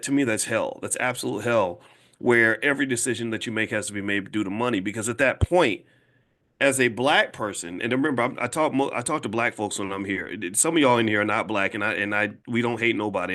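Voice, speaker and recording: A man in his fifties speaking to a live audience as a finance educator, emphatic and casual, repeating points slowly to drive them home. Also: mid-range voice, fairly bright tone. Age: 50s. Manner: emphatic, slow and repetitive for emphasis; casual, conversational, direct address. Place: room with an audience.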